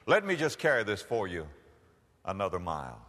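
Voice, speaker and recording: A man's voice: low voice, huge pitch swings, normal speed, pitched below the performer's own voice, full character voice. A preacher voicing a kind Jewish man who eagerly offers to go the extra mile, in a hall with long reverb. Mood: friendly. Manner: warm, eager, inviting.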